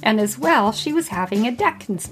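A woman's voice: a little high, expressive, moderate pace, soft background music. Giggly woman host telling a funny story. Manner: giggly, laughs through her own story. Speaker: podcast host. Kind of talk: casual storytelling monologue.

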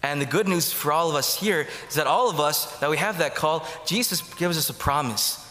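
A man preaches a casual homily in a church, his voice bright and forceful. He rambles and restarts, leaning on many fillers. The sound is roomy, with a long reverb trailing behind each phrase. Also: a little high, brisk.

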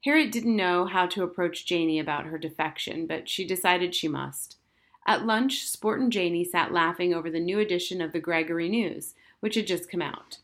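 A woman narrating a children's novel as an audiobook in a steady, expressive reading voice. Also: on the low side, normal speed. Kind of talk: scripted narration.

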